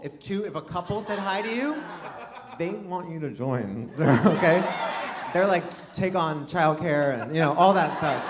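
A man's voice: fairly high pitch, background noise. A man doing a stand-up comedy set, rambling and self-deprecating with many restarts. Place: live comedy venue with audience laughter. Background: audience laughter.

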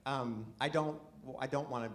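A man's voice: mid-range voice, normal speed, very noisy. A man performing a live stand-up comedy set, chatty and self-deprecating, with playful asides to the audience.

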